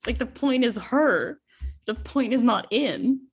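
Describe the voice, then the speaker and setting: A woman chatting about a book on a podcast in a slow, drawn-out way. Her voice is husky and breathy. She hedges her points with lots of fillers. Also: on the high side. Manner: unhurried, hedging with fillers. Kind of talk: casual chat.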